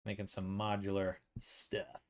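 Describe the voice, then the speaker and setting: A man's voice: low-pitched, completely flat delivery, unhurried. A man streaming casually, muttering to himself as he works on a building project. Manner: muttering to himself while working. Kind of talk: casual livestream chat.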